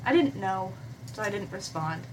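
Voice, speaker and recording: A woman hosting a game playthrough, reading a visual novel aloud in an expressive, animated way and adding her own comments. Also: mid-range voice, normal speed, far from the mic. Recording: voice from away from the mic with faint hiss.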